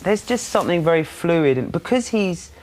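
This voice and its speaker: A man chatting as a guest on a morning TV show, halting with many restarts and fillers. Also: on the high side, expressive, a little hiss or hum. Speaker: guest performer. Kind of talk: casual chat.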